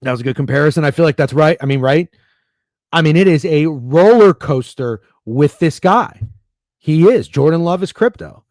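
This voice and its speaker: A man's voice: fairly high pitch, normal speed, darkish tone, dry recording. Rambling, profane sports-betting streamer man. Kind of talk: casual livestream chat.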